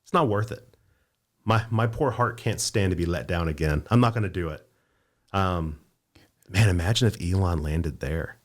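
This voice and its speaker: A man's voice: sits low, normal speed. A man hosting a podcast, chatting casually and tossing in wry, joking interjections. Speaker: podcast host. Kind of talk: casual chat.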